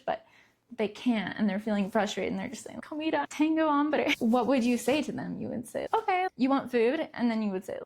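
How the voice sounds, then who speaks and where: A young adult woman hosts a parenting podcast on her own, talking casually and conversationally with light laughs between words. Her voice is on the high side and a little mellow.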